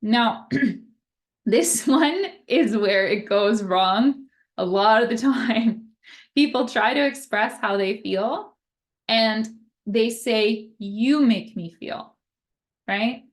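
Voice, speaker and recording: A woman's voice: fairly high pitch, takes it slowly. A young woman occupational therapist explaining communication skills in a casual, conversational way, often checking in with "right?" and acting out example phrases.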